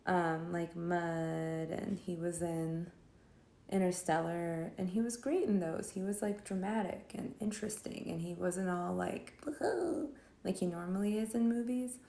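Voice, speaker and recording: A woman's voice: medium pitch, mellow, roomy sound. A woman vlogger casually roasting a film while she draws, rambling and sarcastic, with lots of fillers. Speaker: vlogger reviewing films while drawing.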